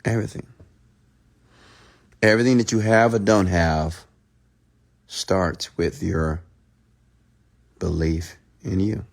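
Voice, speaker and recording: A man giving a late-night motivational livestream rant as a mentor, speaking straight to his listeners. He repeats phrases, swinging from loud pleading to a hushed, close tone. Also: low voice, steady tone, takes it slowly, vocal fry, pauses often. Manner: repetitive, direct address to the listener.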